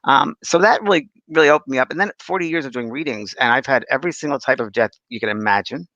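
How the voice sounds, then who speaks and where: A man's voice: mid-range voice, fast talker, pushed and bright, dry recording, muffled recording. A man in his sixties, a spiritual medium co-hosting a podcast, telling stories animatedly with frequent restarts and acted-out voices. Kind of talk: casual podcast storytelling.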